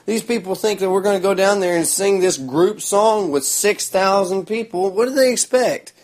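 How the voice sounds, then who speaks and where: A man's voice: high-pitched, moderate pace, darkish tone. A man, telling a rambling story in a sarcastic, crude, mocking way. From Oklahoma. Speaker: vlogger.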